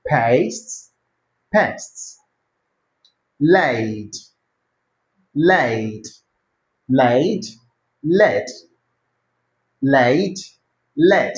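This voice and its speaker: Slow, animated pronunciation teacher. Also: mid-range voice, poor audio. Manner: slow, drawn-out model words repeated for practice; encouraging drill prompts. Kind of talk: pronunciation lesson with drills.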